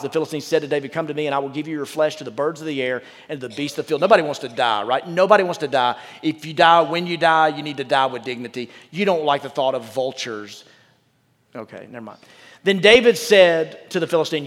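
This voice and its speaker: In a large church with a balcony, a pastor with a slightly high voice preaches a sermon, the sound carrying the big room. He reads scripture aloud, then breaks into candid, joking asides.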